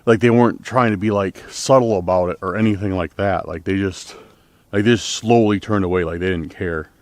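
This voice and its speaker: This man has a low voice and talks fairly quickly as he vlogs to camera while exploring a forest trail after dark. His talk is an uneasy ramble, heavy with filler words, and the recording has no echo.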